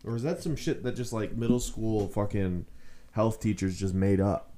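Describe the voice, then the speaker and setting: A young man with a low, dark voice chatting on a casual podcast. He speaks bluntly and makes crude jokes in a dry, unhurried way. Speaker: podcast co-host. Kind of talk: casual chat.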